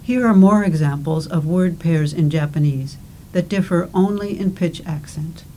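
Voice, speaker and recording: A woman giving scripted instructional narration for a language course, speaking deliberately and enunciating with care. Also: on the low side, mellow, poor audio. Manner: slow, deliberate, careful enunciation.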